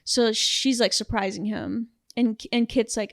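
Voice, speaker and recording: In this echo-free, studio-quality clip, a young podcast co-host with a slightly high voice chats casually about a film. She recounts the plot with animation and quotes the characters in quick voices.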